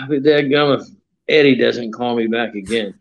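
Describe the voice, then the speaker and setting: Older man, mid-pitched, folksy rambling storyteller, slightly muffled interview audio. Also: unhurried, gravelly. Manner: folksy, acts out quoted voices, many fillers. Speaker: retired pro wrestler, interview guest.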